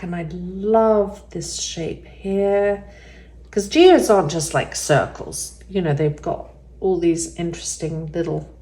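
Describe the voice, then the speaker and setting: A woman's voice: medium pitch, warm tone. A woman giving a casual step-by-step craft demonstration, chatty and thinking aloud with the odd um. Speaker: resin art tutorial maker. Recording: roomy echo.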